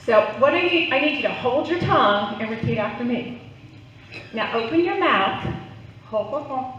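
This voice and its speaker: A woman's voice: fairly high pitch, lively intonation, moderate pace, fairly bright tone, a little hiss or hum. A middle-aged woman doing a playful stand-up set, chatting with the crowd and getting them to play along. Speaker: stand-up comedian. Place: club stage, live audience. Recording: roomy, distant, dull live recording.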